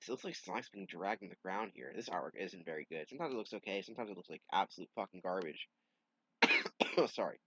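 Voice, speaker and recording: A man reads a comic aloud and breaks off for offhand, self-mocking asides with casual swearing. His pitch is lively. The recording is dull and dry. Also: fast, husky, dry recording. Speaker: comic reader. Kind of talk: reading comics aloud with commentary.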